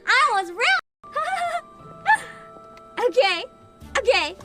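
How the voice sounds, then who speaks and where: A young woman with a very high, swooping voice comments live on her gameplay. She drags her words out slowly, then breaks into excited cursing and shouts at the game. Game music plays clearly behind her. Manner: excitable, swears a lot, yells at the game. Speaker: VTuber streamer.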